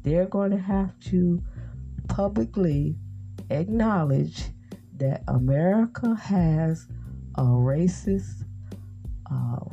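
A woman's voice: sits low, dark tone. A woman speaking in a casual political monologue, earnest and rambling, with many fillers and restarts. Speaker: commentator. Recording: muffled lo-fi recording with faint guitar music.

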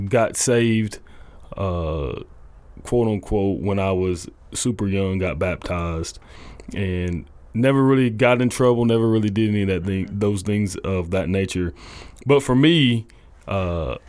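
A young man, a college football coach, telling his faith story in a halting, earnest way full of restarts. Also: low voice, darkish tone, dry recording. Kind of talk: casual testimony interview.

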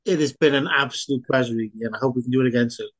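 A man hosting an interview, chatting casually with dry, self-mocking humor and wrapping up briskly. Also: mid-range voice, slightly rough. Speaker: host and writer.

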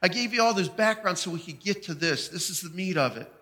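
A man's voice: sits high, animated, brisk, sharp tone. A man preaching a sermon, telling his own story with emphatic, heartfelt delivery. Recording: long hall reverb.

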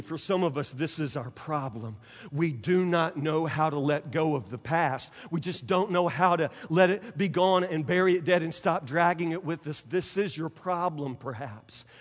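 A middle-aged male pastor delivering a sermon, emphatic and repetitive, swinging between loud and soft. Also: on the high side, normal speed, in a large hall. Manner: emphatic preaching, repeats phrases, sudden loud and soft turns.

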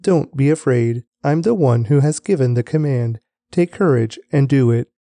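A man reading the words of the vengeful young prince Absalom in a mellow, dry, everyday voice. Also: medium pitch, moderate pace, dry recording, lightly acted. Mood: commanding. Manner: plain, level commands.

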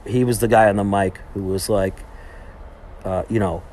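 A young man with a low-pitched voice chats through his podcast in a loose, meandering way. He restarts his sentences often and leans on fillers as he goes. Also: steady tone, normal speed, darkish tone, slight background noise. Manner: rambling, heavy on fillers and restarts. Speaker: podcast host. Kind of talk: casual monologue, retelling a trip.

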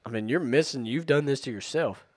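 A man's voice: mid-range voice, fairly quick, no echo. A man hosting a podcast, telling jokes and chatting casually with friends. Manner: joking, chatty storyteller. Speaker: podcast host. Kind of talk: casual chat.

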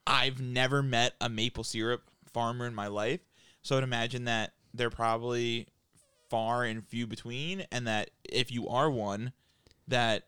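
A man's voice: mid-range voice, steady tone, unhurried, pushed and bright, clear, resonant tone, no room sound. A man joking around as a podcast co-host, wondering aloud and trailing off mid-thought. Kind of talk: casual podcast chat.

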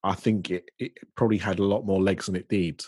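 Husky low-voiced British man chatting. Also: fairly even intonation, brisk, darkish tone, no room sound. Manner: chatty, rambling with many ums and restarts. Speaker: podcast host. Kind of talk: casual podcast chat.

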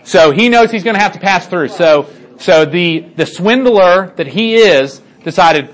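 Man, bible teacher, casual storytelling, chatty, lots of fillers, fairly high voice. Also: measured pace, hardly any pauses. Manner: animated, chatty, many fillers and asides.

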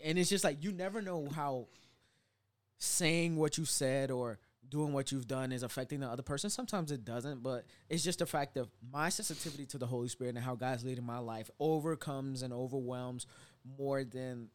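A man's voice: medium pitch, brisk. A man co-hosting a casual faith podcast, reflective with playful asides, acting out his own inner dialogue. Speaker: podcast co-host.

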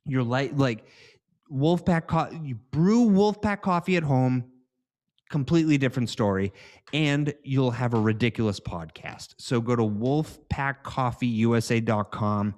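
A man's voice: mid-range voice, a little slow, a little mellow. A man hosting a podcast, reading sponsor spots in a loose, giggly, rambling way. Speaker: podcast host. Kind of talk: casual sponsor read.

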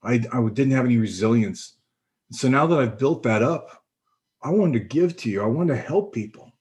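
A middle-aged man giving a personal testimony, earnest and reflective, pausing and restarting as he speaks. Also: medium pitch, expressive, darkish tone. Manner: earnest, reflective, halting with pauses. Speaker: personal storyteller.

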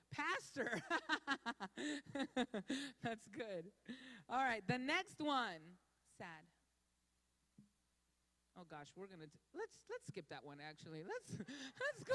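A woman leads an interactive sermon, playfully repeating the crowd's answers back to them. Her voice is fairly high and swings widely. She talks at an unhurried pace, in a hall with a long reverb. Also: fairly bright tone. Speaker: speaker leading a church audience. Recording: echoey hall.

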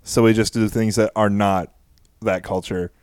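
A man's voice: fairly low pitch, steady tone, moderate pace, a little mellow, clean tone, dry recording, studio quality. A man co-hosting a podcast, chatting casually and riffing with sarcastic jokes. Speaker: podcast co-host. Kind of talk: casual chat.

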